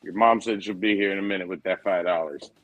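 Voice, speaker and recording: Host, forties, low and dry, swears freely, says dude, loose storyteller. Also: male voice, fairly even intonation, fast, a bit bright, no echo, faint music behind, rough recording. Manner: profane, rambling storyteller, says dude a lot. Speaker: podcast host. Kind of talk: casual chat.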